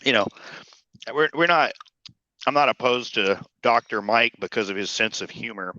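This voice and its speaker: Bright-toned man on lo-fi call audio. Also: mid-range voice, normal speed, no echo. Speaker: podcast co-host. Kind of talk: casual chat. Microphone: remote call.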